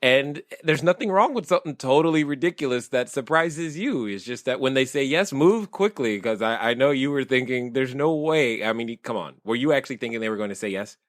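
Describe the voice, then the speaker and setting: A man's voice: mid-range voice, animated, fairly quick, hardly any pauses, no room sound, studio quality. A man hosting a podcast interview, laughing often and restarting his sentences as he talks. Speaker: podcast host. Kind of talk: casual interview chat.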